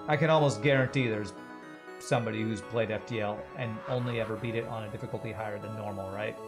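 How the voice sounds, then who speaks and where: A man streaming a game, joking casually and reading viewers' chat comments out loud. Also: lowish voice, fairly even intonation, fast talker, music in the background. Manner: jokey, reads chat aloud.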